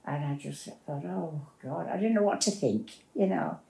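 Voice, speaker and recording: Older woman, gravelly and mellow. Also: deep voice, moderate pace. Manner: plain-spoken, rambling recollection with restarts. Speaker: interviewee. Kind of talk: personal storytelling. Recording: roomy echo.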